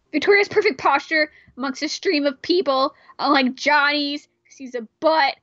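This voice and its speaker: A woman reading a visual novel aloud and chatting, animated and joking, swearing often. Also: sits high, normal speed, no room sound. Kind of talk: casual let's play chat and reading. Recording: dry, slightly muffled mic.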